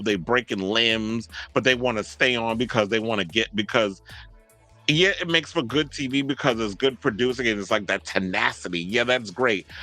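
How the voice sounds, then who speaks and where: A man rants in loose, profane, animated commentary, laughing often as he goes. His voice is bright and forward. Faint music runs underneath. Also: mid-range voice, dry recording. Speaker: host. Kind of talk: casual commentary monologue.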